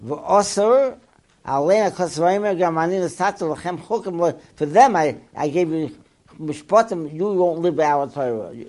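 A man teaching a Torah class, animated and asking his listeners questions, mixing Hebrew and Yiddish terms into English. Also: on the high side.

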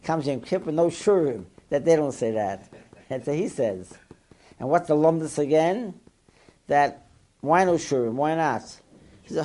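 Male Torah teacher, lively up-and-down delivery, peppers English with Hebrew terms. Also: on the high side, measured pace, pauses often. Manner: animated, asks the listeners rhetorical questions. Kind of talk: Torah class lecture.

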